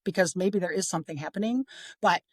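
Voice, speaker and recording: A middle-aged woman talking about parenting on a podcast, chatty and expressive, sometimes acting out what others said. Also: lowish voice, quick pace, no echo. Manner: chatty, expressive, acts out quoted voices. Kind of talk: casual podcast conversation.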